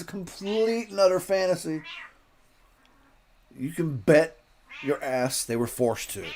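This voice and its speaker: A man's voice: on the high side, big pitch swings, takes it slowly, pauses often, darkish tone, a little hiss or hum. A middle-aged man hosting a live-stream commentary, ranting bluntly and swearing as he reacts to news clips.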